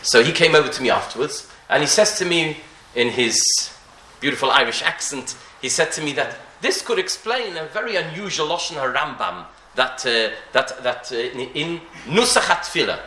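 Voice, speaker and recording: A man's voice: fairly high pitch, animated, normal speed, hardly any pauses, pushed and bright, slight background noise. A man teaching a Talmudic-style Torah class, posing rhetorical questions and often restarting his sentences, with Hebrew and Yiddish terms woven into his speech. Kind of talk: Talmudic lecture. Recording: echoey room.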